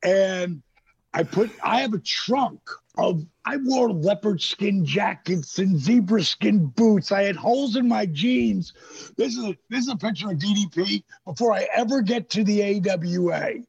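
A middle-aged man telling animated, profane stories on a podcast, acting out the voices of people he quotes. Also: high-pitched, unhurried, creaky, slightly rough. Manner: animated, profane storyteller who acts out quotes. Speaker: guest. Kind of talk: casual storytelling. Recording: dull lo-fi podcast audio.

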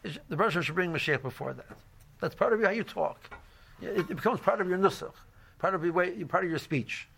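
A man's voice: high-pitched, expressive, fairly quick, gravelly, fairly bright tone, a little hiss or hum. A man giving an informal religious lecture as a Torah class teacher, rambling with many "you know"s and restarts and mixing Hebrew and Yiddish terms into his English.

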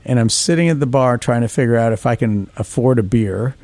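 A man of ordinary pitch recounting his career in a podcast interview. He tells stories with animation and mimics the people in them. The recording is close and dry. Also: fairly quick, no echo. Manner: animated anecdotes, acts out quoted voices. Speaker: orthodontist guest.

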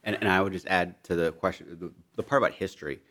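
A young man with a very low, deep voice speaks as an interview guest. He talks earnestly and keeps restarting his phrases. His delivery is serious. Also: quick pace, a bit bright. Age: young adult. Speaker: foundation leader, guest. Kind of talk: interview discussion.

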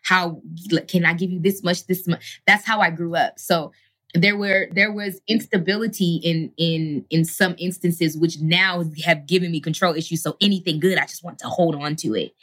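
Woman guest with a bright, sharp voice, animated and talkative. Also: lowish voice. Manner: animated, talks in quick rushes with repeated words. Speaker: podcast guest. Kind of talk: storytelling in a podcast interview.

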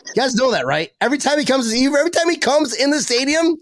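A man hosting a casual live-stream chat, rambling, joking and getting excited. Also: very high-pitched, quick pace, crowd noise. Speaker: podcast host.

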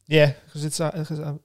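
A man co-hosting a podcast, a comedian in casual chat, self-deprecating and rambling with lots of fillers. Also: a little high.

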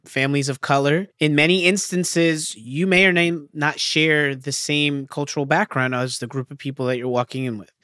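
A man hosts an interview podcast and asks his questions in a warm, conversational way. His voice sits a little high and comes through smooth and resonant. It is recorded dry and close. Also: steady tone, normal speed, hardly any pauses, dry recording. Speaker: podcast host.

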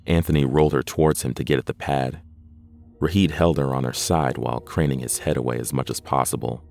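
A man narrating a horror story in a measured, deliberate scripted reading. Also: very deep voice, steady tone, gravelly, darkish tone.

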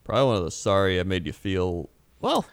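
A man's voice: low-pitched, sing-song, a little fast, no echo. A young man as a guest in a casual chat, laid-back, giving short agreeing answers and laughing often.

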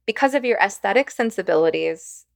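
A woman's voice: medium pitch, lively intonation, brisk, gravelly. A woman hosting a podcast interview, responding in a thoughtful, conversational way. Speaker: podcast host.

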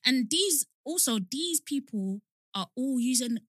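A young woman chatting on her podcast, her voice bright and sharp with a lively, swooping melody. She talks in an animated, chatty way and laughs easily, recorded dry and close. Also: high voice, unhurried, dry recording. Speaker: podcast co-host. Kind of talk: casual chat.

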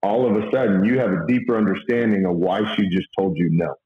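Man, low-pitched voice, earnest and halting, roomy dull recording. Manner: halting, many fillers and restarts, earnest. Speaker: guest sharing faith and money advice. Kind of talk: casual conversational talk.

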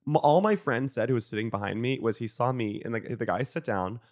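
A man's voice: medium pitch, a little fast. Giggly young man on a podcast. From United States. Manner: bawdy, giggly, rambling. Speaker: podcast co-host. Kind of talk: casual chat.

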